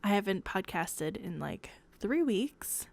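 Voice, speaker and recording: Young woman, podcast host, hushed half-whisper, casual rambling chat, giggly, self-correcting, at home at night, mid pitch. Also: sing-song, slow pace, gravelly. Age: young adult.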